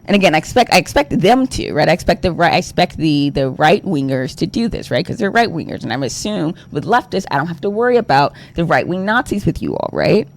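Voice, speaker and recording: A man's voice: on the high side, big pitch swings, fast talker, vocal fry, hardly any pauses, slight background noise. A young adult man talking on a livestream, exasperated and rambling, full of fillers and swearing. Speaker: streamer. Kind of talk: ranting livestream talk.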